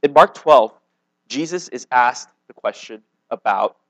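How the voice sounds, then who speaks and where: This man, a pastor, delivers his sermon in a chatty style, with frequent stumbles and restarts, checking on listeners with "okay?" and "right?". His medium-pitched voice is expressive and a little slow, captured on a low-quality recording without echo.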